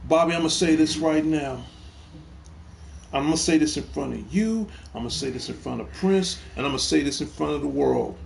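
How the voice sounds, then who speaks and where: On a casual live stream, the middle-aged host of a gaming talk show gets heated at a troll, speaking emphatically and repeating himself. His voice is fairly high and fairly quick with vocal fry, over slight background noise.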